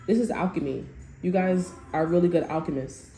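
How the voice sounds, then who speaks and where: In a dark-toned voice on the low side, a woman speaks fairly quickly while giving an informal tarot reading. She is blunt, swears, and loudly acts out what others say, recorded in a roomy space with faint music.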